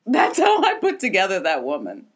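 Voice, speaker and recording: Lively, sardonic woman podcaster. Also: mid-range voice. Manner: animated, sardonic, drawn-out phrasing. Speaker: podcast co-host. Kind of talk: casual comedic chat.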